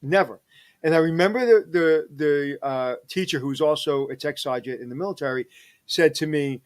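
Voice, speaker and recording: A middle-aged man, a hospitality executive, telling personal stories in an energetic, animated interview. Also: on the high side, moderate pace. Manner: energetic, animated storyteller who digresses. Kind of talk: casual storytelling interview.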